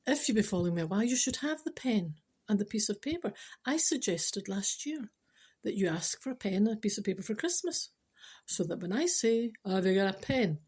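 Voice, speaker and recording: A woman's voice: mid-range voice, expressive, fairly quick, darkish tone, slightly rough. A Scottish woman hosting a chatty podcast, teasing and speaking straight to her listeners, sometimes dropping to a whisper. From Scotland. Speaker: podcast host.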